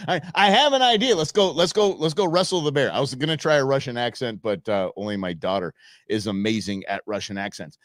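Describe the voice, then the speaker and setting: A man's voice: medium pitch, animated, fairly quick, fairly bright tone, dry recording. A man from the United States hosting a show, chatting casually over viral videos with a rambling, chuckling manner and many fillers. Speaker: show host.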